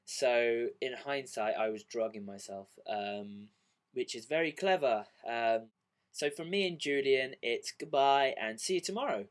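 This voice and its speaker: A man's voice: medium pitch, animated, a little slow. Man, unwell, rambling self-deprecating vlogger, loose fillers throughout. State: unwell and dizzy. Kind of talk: rambling casual vlog.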